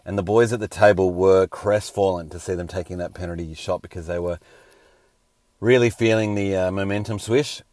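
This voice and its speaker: A man's voice: low voice, steady tone, normal speed, a little mellow, dry recording. A man hosting a casual sports round-up, a little scratchy and hungover, with wry joking asides. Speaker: host.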